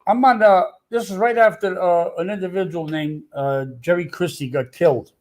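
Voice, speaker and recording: A man's voice: sits high, moderate pace, darkish tone. An older man telling a story in casual talk, blunt and tough, swearing freely. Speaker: storyteller guest.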